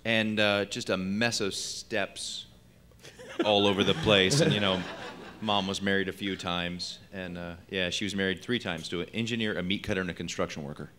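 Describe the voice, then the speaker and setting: A male comedian from California chatting in an interview on a comedy theater stage, joking and landing quick punchlines. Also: sits low, fairly even intonation. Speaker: comedian and impressionist guest. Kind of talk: casual interview chat.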